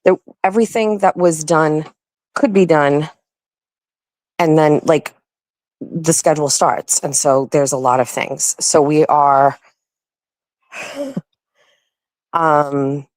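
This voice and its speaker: Low, slow young woman host, loose chatty stream talk, dry close mic. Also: darkish tone, dry recording, low-quality recording. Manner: rambling, apologetic, lots of fillers. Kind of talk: casual livestream chat.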